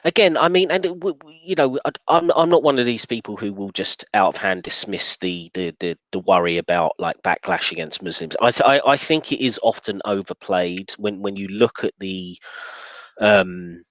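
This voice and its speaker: A man's voice: on the low side, expressive, normal speed, a bit bright, dry recording, rough recording. A man hosting a casual discussion, talking in a hesitant way with many restarts and fillers.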